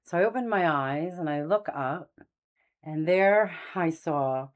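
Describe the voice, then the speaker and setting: A middle-aged woman with a low voice tells a personal faith story in a relaxed, rambling way. She circles back on herself often, with plenty of fillers and restarts, and talks earnestly to her viewers. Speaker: channel host telling faith stories. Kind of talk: casual testimony monologue.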